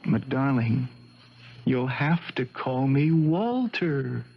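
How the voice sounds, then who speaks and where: A man playing a nervous husband in hiding who stammers and talks haltingly, in a 1970s radio drama. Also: medium pitch, animated, gravelly, husky, heavily acted. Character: nervous middle-aged husband hiding in witness protection. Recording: dull old radio broadcast.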